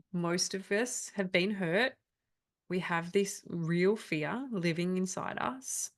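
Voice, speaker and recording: A woman's voice: on the low side, vocal fry, fairly bright tone. A woman, leading an online coaching workshop in a candid, chatty way with frequent laughs. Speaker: trauma coach. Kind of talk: live online workshop talk.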